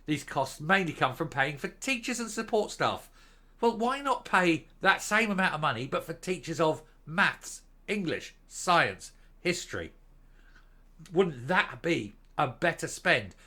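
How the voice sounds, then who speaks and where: A man's voice: a little high, very animated, measured pace, bright, forceful tone. A man hosting an opinion vlog, ranting in a scornful, indignant way and wandering off into tangents before returning to his point. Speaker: commentary vlog host. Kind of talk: opinion rant to camera.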